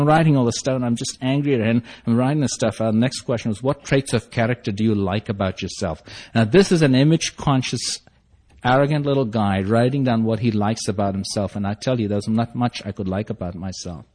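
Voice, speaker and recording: A middle-aged man gives a personal testimony at a recovery meeting. He talks earnestly and swings between quiet confession and fervent, emphatic bursts. His voice sits at an ordinary male pitch.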